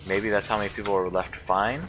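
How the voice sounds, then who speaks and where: A man's voice: on the low side, fairly even intonation, fast talker, background noise. A man giving casual let's-play commentary, thinking aloud and often unsure, musing over how to pronounce words.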